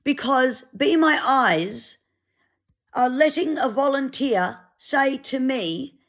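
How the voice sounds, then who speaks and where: A woman's voice: sits high, animated, slow pace. A woman ranting angrily, sweary and sarcastic. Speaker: vlogger. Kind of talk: angry rant to camera.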